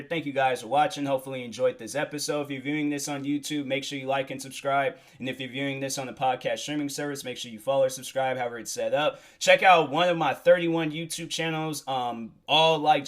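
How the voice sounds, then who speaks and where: A man's voice: fairly high pitch, fairly quick, few pauses, a bit bright. A young man hosting a solo podcast, talking in a casual, rambling, earnest way with many fillers and restarts. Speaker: podcast host.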